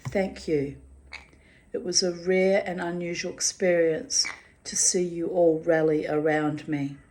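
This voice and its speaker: A mature woman reads from her personal diary in a slow, unhurried way. Her voice sits a little low, and she speaks bluntly, with frank swearing and exasperated asides. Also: flat delivery, a little mellow. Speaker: diarist reading her journal. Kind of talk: diary-style personal reading.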